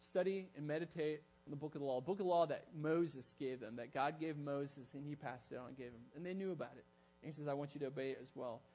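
A man delivering a sermon with a voice that sits a little high for a man. He tells the story with animation, slipping into the voices of the people he quotes. A low electrical hum runs under the recording. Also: fast, darkish tone, rough recording. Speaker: pastor.

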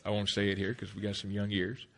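A middle-aged man giving a speech to an audience, telling a personal story emphatically. His voice drops to a hush, then rises loud. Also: lowish voice, monotone, fast, vocal fry. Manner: emphatic, swings between hushed and loud. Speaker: motivational speaker.

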